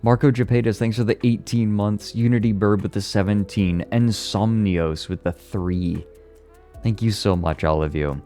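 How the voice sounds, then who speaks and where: Deep-voiced, swearing male streamer. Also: fairly even intonation, normal speed, warm tone, soft background music. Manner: rambling, swears freely, laughs often, lots of "like". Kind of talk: casual chat on a live stream.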